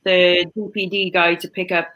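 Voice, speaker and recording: A woman's voice: lowish voice, level tone, moderate pace, sharp tone, highs cut off. A woman hosting a casual chat, rambling along with lots of likes and ums. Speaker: host.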